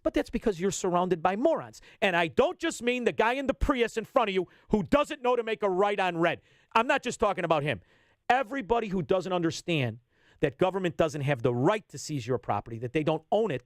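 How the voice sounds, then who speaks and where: A man, ranting bluntly as a radio guest and swinging between loud bursts and low asides. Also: animated, moderate pace, dry recording, clean studio sound. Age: 50s. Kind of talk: heated political radio talk.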